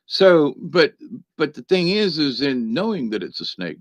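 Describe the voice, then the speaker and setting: A man's voice: fairly high pitch, very animated, measured pace, no room sound. A man giving a casual spiritual talk and telling a story, rambling with many fillers and restarts. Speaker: spiritual teacher.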